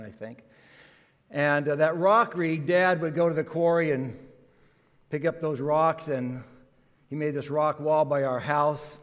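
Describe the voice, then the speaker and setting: Folksy older man preaching in a reverberant church. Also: fairly high pitch. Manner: folksy, chatty storytelling with fillers. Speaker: pastor. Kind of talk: sermon with jokes. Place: church sanctuary.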